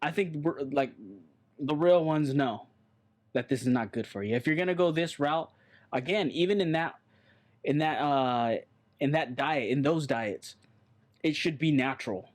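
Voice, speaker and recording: A man's voice: a little high, normal speed. A man co-hosting a casual podcast chat, rambling and blunt, swearing offhandedly. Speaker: podcast co-host.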